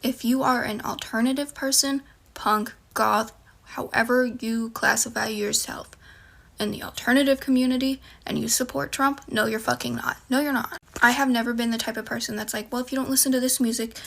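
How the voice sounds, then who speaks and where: A woman's voice: fairly high pitch, steady tone, moderate pace, gravelly, fairly bright tone. A woman lecturing emphatically, with profanity, in a selfie video rant.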